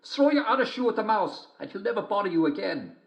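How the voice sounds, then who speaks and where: A man doing a shrill sly wolf. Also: sing-song, fast, vocal fry, exaggerated voice. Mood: wheedling. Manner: shrill wheedling falsetto. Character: sly wolf faking a grandmother's voice.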